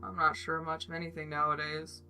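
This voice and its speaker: This is a weary, gloomy young skeleton man, voiced by a woman reading a fan story, speaking in a flat monotone. He jokes about himself without any humor, and his lines come out bright and forward. Soft music plays faintly beneath him. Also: low voice, brisk, heavily acted. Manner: flat monotone, self-deprecating.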